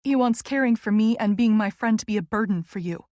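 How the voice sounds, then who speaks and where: A woman's voice: medium pitch, a little fast, a little mellow, no echo, highs cut off. A woman narrating a first-person romance audiobook in an earnest, emotional way.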